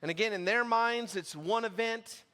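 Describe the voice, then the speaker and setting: A man's voice: high voice, moderate pace, bright, forceful tone, big-room sound. A man preaching a sermon as pastor, casual and conversational as he reads and explains scripture. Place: church sanctuary.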